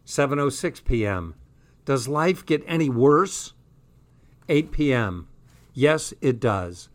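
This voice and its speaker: A man's voice: medium pitch, expressive, slow. A man reading a comic first-person diary aloud with dry, sardonic delivery. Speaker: audiobook reader.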